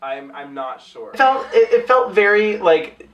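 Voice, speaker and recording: A woman co-hosting a movie podcast, playful and quick to laugh in casual chat. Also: medium pitch, sing-song, muffled recording, noisy background.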